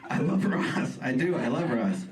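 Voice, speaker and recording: A young man doing a stand-up comedy set on stage, self-deprecating and animated. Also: fairly high pitch, moderate pace, a loud crowd. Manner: self-deprecating, animated, slips into quoted voices. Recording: echoey room from far off, loud audience laughter.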